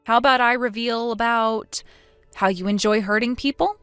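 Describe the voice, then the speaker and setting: A woman's voice: on the high side, moderate pace, fairly bright tone, clean tone, no room sound, faint music behind. Sarcastic, accusing woman reading a texting story. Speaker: narrator voicing the daughter-in-law.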